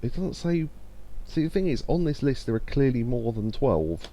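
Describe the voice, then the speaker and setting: With a warm mid-range voice and big swings in pitch, a gaming streamer talks at a normal speed through casual let's play commentary. He reads chat out loud, chats freely, and jokes about himself.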